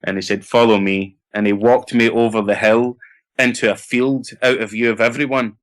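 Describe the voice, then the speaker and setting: A middle-aged Scottish actor telling lively anecdotes in a casual interview, laughing and acting out what others said. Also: male voice, mid-range voice, moderate pace. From Scotland. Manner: animated anecdotes with laughter and acted-out quotes. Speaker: actor guest.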